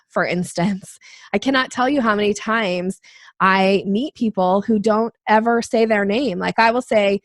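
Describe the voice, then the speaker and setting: Animated woman guest, dry close sound. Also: mid-range voice, dry recording. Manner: animated, acts out quoted voices. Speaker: sales trainer and author. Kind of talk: interview guest explaining with examples.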